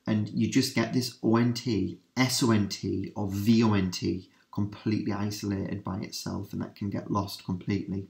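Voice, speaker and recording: A male teacher giving a revision lesson, repeating key words for emphasis and slowing down for French examples. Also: on the low side, gravelly, darkish tone.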